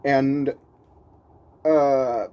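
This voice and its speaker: A man's voice: medium pitch, very slow. Rambling, laughing male storyteller. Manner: rambling, restarts sentences, laughs often; animated, voices the people he quotes. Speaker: vlogger telling a story. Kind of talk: casual storytelling.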